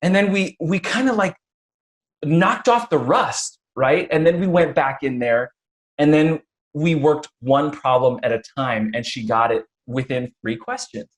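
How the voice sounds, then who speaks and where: A man's voice: on the high side, a little slow. A man hosting a conversational interview, telling stories with frequent restarts and acting out quotes. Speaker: podcast host.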